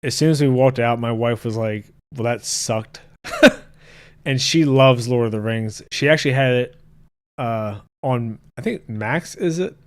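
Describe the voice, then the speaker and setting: A man's voice: medium pitch, unhurried. A man hosting a casual podcast, ranting and joking crudely while reading his live chat. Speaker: podcast host.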